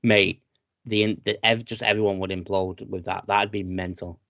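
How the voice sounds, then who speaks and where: A man's voice: low voice, moderate pace, creaky, no echo. Chatty British man, dry close sound. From Britain. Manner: chatty, excitable, says "mate" a lot. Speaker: podcast co-host. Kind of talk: casual wrestling chat.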